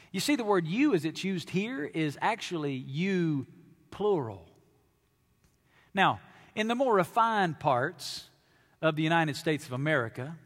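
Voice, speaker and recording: Southern preacher guy, high lively voice, big echo from the church hall. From Alabama. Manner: animated, emphatic, playful asides to the congregation. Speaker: pastor. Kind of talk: sermon. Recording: long hall reverb.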